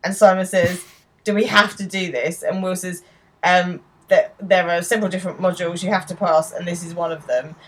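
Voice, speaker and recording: A woman's voice: fairly low pitch, brisk, a little hiss or hum, low-quality recording. A woman in her thirties, casually narrating show scenes as a podcast co-host and quoting the characters' lines. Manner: narrates scenes, quotes lines in lively put-on voices. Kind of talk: casual recap chat.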